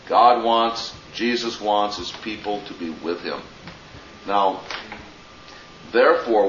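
A man teaching a theology class, speaking with deliberate emphasis and dropping in Greek phrases. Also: lowish voice, background noise. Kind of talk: classroom lecture. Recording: muffled, roomy, distant classroom recording.

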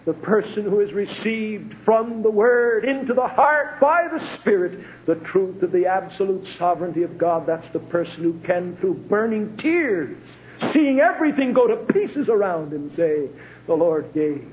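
A middle-aged man preaching a sermon as a pastor, with emphatic swells and sudden hushed drops. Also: sits high, animated, moderate pace. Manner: emphatic preaching, rising to ringing climaxes and dropping to hushed tones. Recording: tinny phone-like old sermon tape with faint hiss.

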